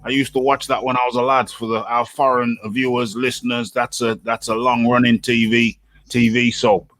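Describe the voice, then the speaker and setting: A British man hosting a casual boxing chat, animated and laughing often, repeating his words as he goes. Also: mid-range voice, normal speed, dry recording. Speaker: host.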